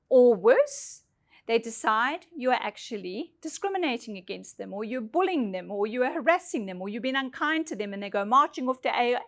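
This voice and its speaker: A woman's voice: on the high side, a bit bright. A woman leadership trainer giving an instructional presentation, speaking emphatically and putting questions directly to her listeners.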